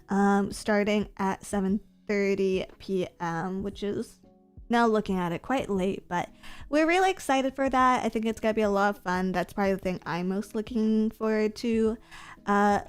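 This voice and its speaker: A woman's voice: mid-range voice, clear, resonant tone. A woman VTuber streamer chatting casually with her viewers, playful and self-mocking, often breaking into giggles. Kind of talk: casual stream chat reading comments.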